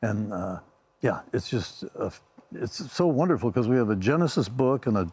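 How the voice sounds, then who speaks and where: Husky older man, slow and halting. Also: medium pitch, animated, darkish tone. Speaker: musician guest. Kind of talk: casual chat.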